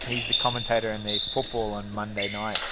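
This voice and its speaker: A man with a Scottish accent giving live squash commentary, chatty, excitable and joking with his co-commentator. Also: lowish voice, quick pace. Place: squash venue. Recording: loud court noise and ball bounces.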